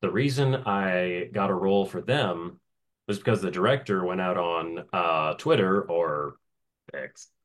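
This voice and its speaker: A man's voice: deep voice, unhurried. Laughing, easygoing male voice actor. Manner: animated, laughs often between phrases. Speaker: voice actor guest. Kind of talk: casual interview storytelling.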